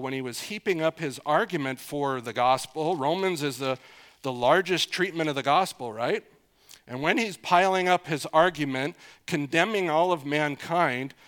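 Conversational preacher man, slightly high voice. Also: fairly bright tone, clear, resonant tone. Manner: conversational, repeats for emphasis, asks listeners questions. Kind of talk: expository sermon.

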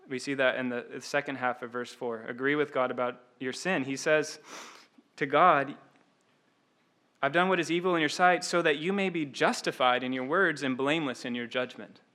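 A man's voice: mid-range voice, moderate pace, sharp tone. A man preaching an expository sermon, earnest, often repeating words and tossing in "like" and "right?".

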